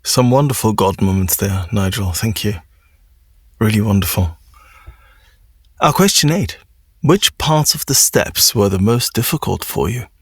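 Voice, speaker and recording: A man hosting a podcast interview, asking questions in a warm, encouraging way. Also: lowish voice, animated, a little slow, long pauses, husky, no echo, studio quality. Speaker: podcast host.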